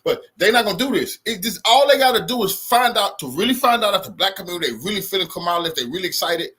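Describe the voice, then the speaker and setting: A man hosting a casual reaction commentary, animated and colloquial, heckling and laughing as he talks. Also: high-pitched, quick pace. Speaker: show host.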